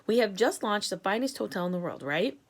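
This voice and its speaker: A woman as a fawning male spy in falsetto, lively and eager. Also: a little fast.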